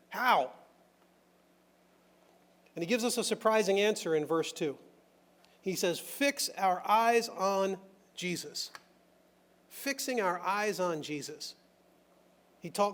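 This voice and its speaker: High-voiced man preaching conversationally. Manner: conversational, animated, rhetorical questions; frequent restarts and filler words. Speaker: pastor. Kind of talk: sermon.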